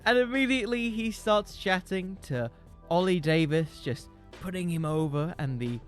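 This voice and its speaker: A man hosting a comedic podcast, pitching silly storylines in an animated, rambling way. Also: moderate pace, soft background music. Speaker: podcast host.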